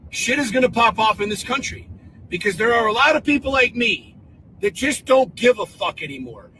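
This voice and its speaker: Guy with a high sharp voice yelling a swear-filled rant, faint noise behind him. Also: expressive, normal speed, poor audio. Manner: furious, profane, defiant. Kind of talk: angry video rant.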